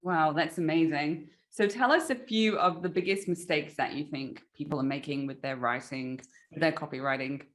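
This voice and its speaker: A woman interviewing a guest, with a notably low voice for a woman. She asks her questions in an encouraging way and adds her own agreeing points to what her guest says. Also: normal speed. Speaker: interview host.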